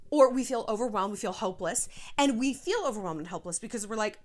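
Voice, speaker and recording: A woman giving frank, animated life advice in a casual vlog, a little short of breath and sighing now and then. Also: a little high, fast, few pauses. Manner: frank, animated, swears, slips into quoted voices.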